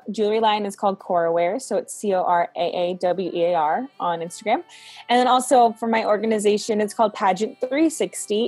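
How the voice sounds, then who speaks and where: A young woman in her twenties speaks as an interview guest, relaxed and chatty, filling her sentences with "like" and "um". Her voice has a husky edge and sounds dry and close. Soft music plays faintly underneath. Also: medium pitch, no echo. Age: 20s. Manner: chatty, frequent "like" and "um". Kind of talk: casual faith interview chat.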